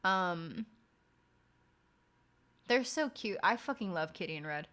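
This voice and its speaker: A woman's voice: lowish voice, expressive, slow, fairly bright tone. A young woman streamer chatting casually and frankly late at night, swearing often and rambling through stories.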